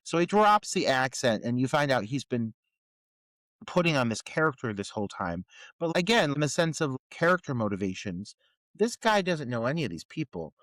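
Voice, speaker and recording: A man's voice: medium pitch, big pitch swings, normal speed, a bit bright, dry recording. A man co-hosting a horror movie podcast, picking apart plot holes in a profane, incredulous rant. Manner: incredulous, profane ranting critique. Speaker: podcast co-host. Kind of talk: casual movie review chat.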